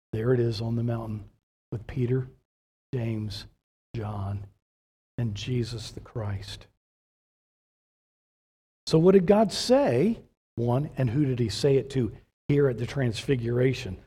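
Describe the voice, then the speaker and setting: A man's voice: medium pitch, slightly rough. A man preaching a sermon as pastor, asking rhetorical questions and building to emphatic points. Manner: animated preaching with rhetorical questions, slow measured delivery.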